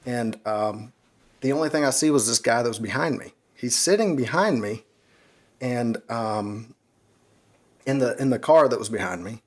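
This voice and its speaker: A man's voice: medium pitch, moderate pace. Man telling a wild story, laughing. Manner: animated, swearing, laughs at his own story. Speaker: podcast co-host. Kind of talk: casual storytelling.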